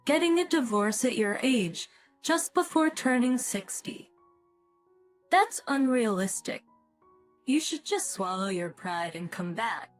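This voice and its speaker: A woman's voice: a little high, expressive, slow pace, faint music behind. A woman voicing a bossy young daughter-in-law who mocks and makes demands. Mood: tense. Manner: mocking, demanding.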